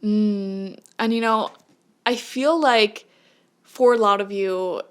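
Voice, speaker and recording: A young woman giving a casual, chatty tarot reading who laughs often and breaks into lively, high-pitched asides. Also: takes it slowly, smooth. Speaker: tarot reader.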